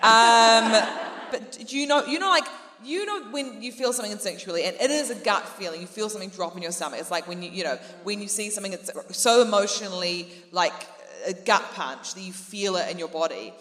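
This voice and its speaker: A woman rambles in quick, self-deprecating bursts on a live stage. Her mid-range voice rings out in a roomy hall with a long tail. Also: medium pitch, a bit bright. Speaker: comedian guest. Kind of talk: live podcast panel chat.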